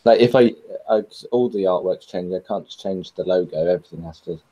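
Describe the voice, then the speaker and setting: A man chatting on a video call, speaking hesitantly with many pauses and ums. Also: deep voice, dark tone, muffled recording. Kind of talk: casual group chat.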